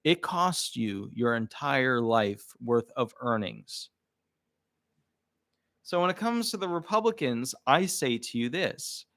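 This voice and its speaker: A man's voice: medium pitch, takes it slowly, no room sound, clean studio sound. A man who works as a disability lawyer, giving casual, indignant commentary to the camera. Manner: indignant, animated.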